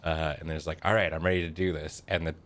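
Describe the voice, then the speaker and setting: A man's voice: extremely low pitch, little pitch movement, fast, fairly bright tone. A man co-hosting a horror game stream, chatting casually and telling stories with a ready laugh. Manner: laughs often, retells stories with acted voices. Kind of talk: casual gaming chat.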